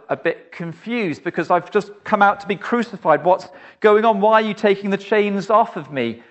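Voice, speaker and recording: A male preacher, telling a vivid story in a sermon and addressing the listener directly, often dropping to a soft, low, pleading voice. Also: highs cut off.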